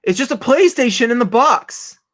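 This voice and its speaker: A young man, an online reseller, chatting casually and excitably to his live-stream viewers, laughing often and talking straight to them. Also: very high voice, normal speed. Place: home office.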